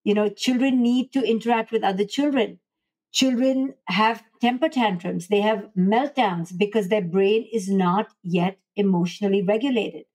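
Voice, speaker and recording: A woman's voice: mid-range voice, normal speed, darkish tone. Earnest woman explaining parenting advice. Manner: earnest, acts out parent-child dialogue in quotes. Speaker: clinical psychologist and author, podcast guest. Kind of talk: interview answers, explaining advice.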